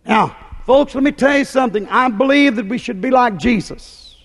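A man preaching a fiery, folksy sermon to his congregation, often shouting and climbing in pitch. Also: moderate pace. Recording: long hall reverb.

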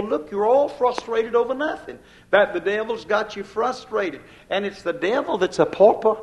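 High-pitched guy preaching, folksy minister, keeps going "come on, folks". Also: low-quality recording. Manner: folksy preaching, calls out to the congregation. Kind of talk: sermon.

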